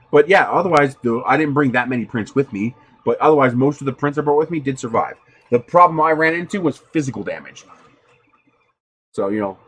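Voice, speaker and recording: A man's voice: mid-range voice, a bit bright. A man hosting a 3D printing livestream, chatting casually with viewers, telling stories loosely with profanity and frequent laughter.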